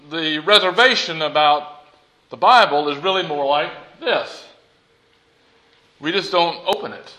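Bright-voiced preacher. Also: male voice, on the high side, a little slow, pauses often, low-quality recording. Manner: animated, conversational preaching, asks the congregation questions. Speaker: pastor. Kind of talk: sermon. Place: church.

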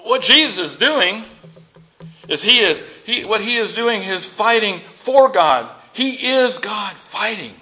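High, bright-voiced male preacher. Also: unhurried, low-quality recording. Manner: expressive, swings between loud emphasis and near-whispered lines; repeats and restarts for emphasis. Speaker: pastor. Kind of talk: sermon.

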